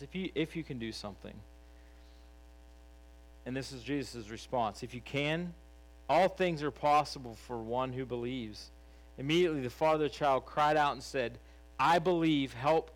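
A man's voice: medium pitch, rough recording. Earnest man preaching, conversational. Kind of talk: sermon.

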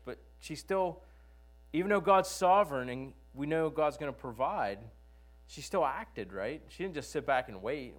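A male preacher with a somewhat high voice tells a sermon story in a loose, conversational way. He keeps asking his listeners rhetorical questions. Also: sing-song, moderate pace.

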